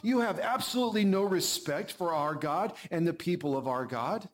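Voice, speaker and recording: A man's voice: high voice, expressive, moderate pace. A man playing a stern scolding disciple. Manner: harsh, scolding. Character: stern male disciple rebuking a foreign woman.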